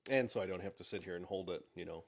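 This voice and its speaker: A man's voice: sits low, gravelly. A man co-hosting a podcast in casual chat, blunt and offhand, into a mic on a stand. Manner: blunt, offhand, quick to laugh. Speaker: podcast co-host.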